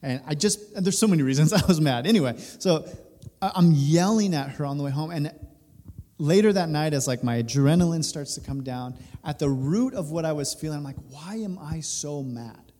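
A man in his thirties, a pastor, telling a personal story during a sermon, animated and laughing through it. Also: fairly high pitch, a little fast. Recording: reverberant hall.

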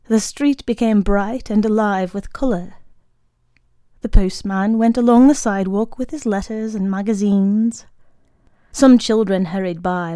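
A woman narrates a short story in a calm, measured manner. Her pace is slow and her tone mellow. The recording is dry and close. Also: mid-range voice, dry recording. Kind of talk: audiobook reading of a short story.

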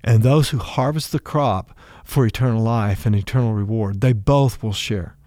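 A man voicing Jesus as a calm, patient teacher, in plain conversational words. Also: fairly low pitch, normal speed, no echo, clean studio sound, close to an everyday voice.

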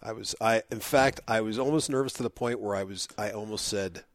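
A man in casual chat with a co-host, telling a story with lively acted-out quotes and plenty of fillers. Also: on the low side, a little fast, no room sound. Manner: animated storyteller, acts out quotes.

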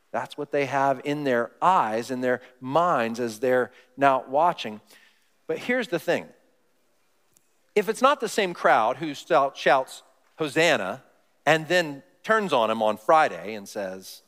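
A man preaching a sermon, telling the story with animation and acting out the voices of the people in it, then dropping low and quiet for the solemn parts. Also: in a large hall. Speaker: pastor.

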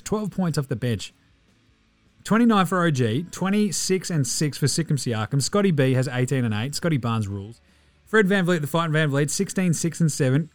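An excitable Australian man rattles through scores in a quick, casual recap, throwing in jokes and the odd swear. His voice sits a touch high, recorded dry and close with faint music underneath. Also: no echo. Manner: excitable, swears freely, jokey asides. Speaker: podcast host. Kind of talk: fast casual sports recap.

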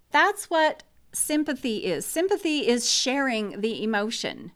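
A woman's voice: fairly high pitch, very animated, measured pace, few pauses, fairly bright tone. A middle-aged woman talking casually and bluntly about grief and support, frank and opinionated.

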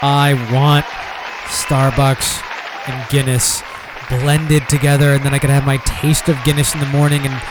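A man's voice: mid-range voice, little pitch movement, normal speed, a crowd in the background, background noise. A young adult man hosting a casual beer podcast, rambling and swearing, with lots of fillers as he reads news stories aloud. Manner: rambling, profane, self-deprecating, many fillers. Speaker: podcast host.

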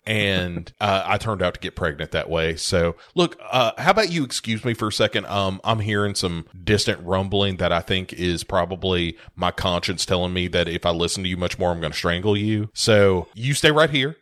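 Brief: a man putting on a blunt, sarcastic woman, low voice, dry sound. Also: dry recording. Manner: deadpan, sarcastic.

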